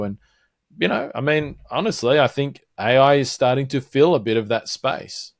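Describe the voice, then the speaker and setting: A man's voice: mid-range voice, lively intonation, moderate pace, creaky, no room sound, clean studio sound. A man co-hosting a podcast, thinking aloud in casual, reflective chat. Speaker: podcast co-host.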